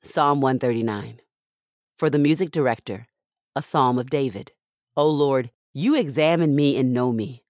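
A woman reading scripture aloud in a measured, reverent way, recorded close on a studio mic. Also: a bass voice, darkish tone, no room sound. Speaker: scripture reader.

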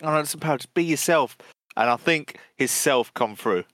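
A man's voice: on the high side, moderate pace, fairly bright tone, no room sound, clean studio sound. A man co-hosting a gaming podcast, chatting in an easygoing, chummy way. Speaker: podcast co-host. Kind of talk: casual chat.

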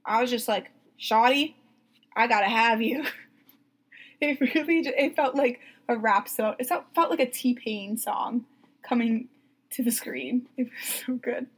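A young woman co-hosting a podcast in casual chat, animated, acting out quotes and laughing a lot. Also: fairly high pitch, measured pace, husky. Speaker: podcast co-host.

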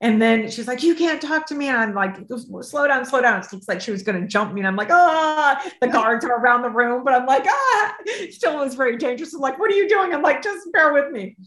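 Expressive woman telling a story, roomy echo. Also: high-pitched, fairly quick, hardly any pauses. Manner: acts out both sides of remembered dialogue, lively and expressive. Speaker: life coach, interview guest. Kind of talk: animated storytelling in an interview.

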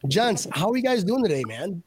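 Rambling, high-voiced man hosting. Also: sing-song, a little fast, a crowd in the background. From Buffalo, USA. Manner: rambling, repeats words, joking. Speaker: podcast host. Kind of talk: casual chat.

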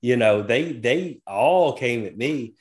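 A middle-aged man chats casually on a podcast. He is easygoing and folksy, and drifts into side remarks. His voice sits at an ordinary middle pitch. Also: animated, slow pace. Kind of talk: casual chat.

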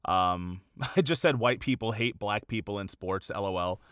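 A man's voice: fairly low pitch, normal speed, fairly bright tone, clear, resonant tone, dry recording, studio quality. A man co-hosting a casual podcast chat, rambling and filling gaps with "like" and "you know.". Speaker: podcast co-host.

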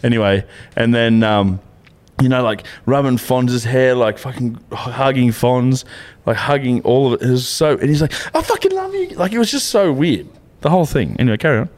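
A man, co-hosting a podcast in animated, crude banter and mimicking people in high voices. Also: moderate pace. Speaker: podcast co-host. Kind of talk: casual banter.

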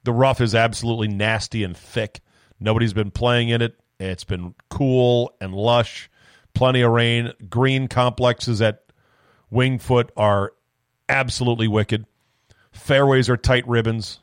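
A man hosting a solo sports podcast, telling loose, profane, animated stories close to the mic. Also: mid-range voice, a little slow, smooth, no room sound. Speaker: podcast host.

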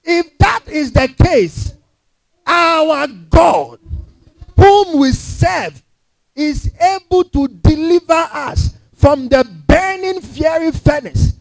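A preacher voicing bold, defiant young believers. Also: male voice, very high-pitched, expressive, a little slow, warm tone, no echo, pitched above the performer's own voice, heavily acted. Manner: bold, fervent, emphatic. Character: defiant young men of faith.

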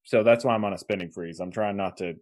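A Kansas man co-hosting a podcast talks fast in a lowish, darkish voice. He rambles through casual chat, restarting sentences and laughing midway through them.

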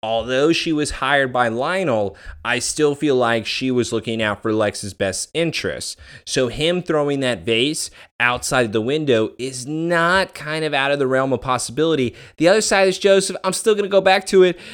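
A man co-hosts a relaxed podcast, talking through a TV episode in a plain mid-range voice. He mixes his summary with sarcastic jokes and laughs along with his partner. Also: mid-range voice, moderate pace, hardly any pauses. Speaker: podcast co-host. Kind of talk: casual TV recap chat.

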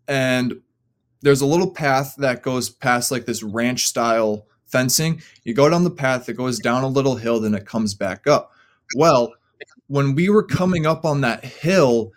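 As a guest on a podcast, a young man with a typical mid-pitched male voice rambles through a long, casual story. His sentences are packed with fillers.

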